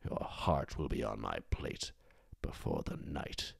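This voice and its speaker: A man's voice: rumbling low, animated, gravelly, husky, pitched below the performer's own voice, full character voice. A man doing a vicious old queen. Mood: menacing. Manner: slow, quiet, venomous delivery. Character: vicious older queen, cruel and menacing, a grandmother.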